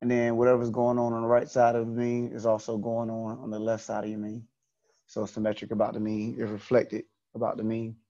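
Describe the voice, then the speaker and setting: A man's voice: lowish voice, completely flat delivery, fairly quick, mellow, muffled recording. A man teaching an online statistics class, explaining step by step and repeating key points.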